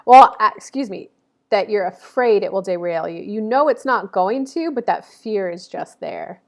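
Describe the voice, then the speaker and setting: A woman's voice: mid-range voice, expressive, moderate pace, vocal fry. A woman in her thirties giving a casual zodiac reading to camera, chatty and rambling, with many fillers and self-corrections. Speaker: astrology reader.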